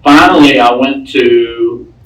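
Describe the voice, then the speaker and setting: A man's voice: medium pitch, takes it slowly, a bit bright, distant mic. A man sharing his recovery story with a group in a folksy, plain-spoken way, often repeating his words. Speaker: recovery speaker. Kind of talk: personal recovery talk to a group. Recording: echoey room, speaker off-mic.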